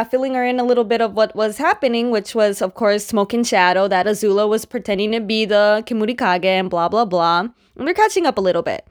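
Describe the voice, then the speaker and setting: A woman's voice: on the high side, moderate pace. Chatty woman retelling a comic plot. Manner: chatty, full of "like" fillers. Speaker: reviewer retelling a story. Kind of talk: casual comic book recap.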